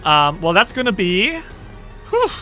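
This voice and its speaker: A man with a bright, high-pitched voice runs a tabletop game, describing monsters and attacks in vivid detail. Soft music plays under his narration. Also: huge pitch swings, unhurried. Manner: friendly, descriptive, reacts with groans. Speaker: game master.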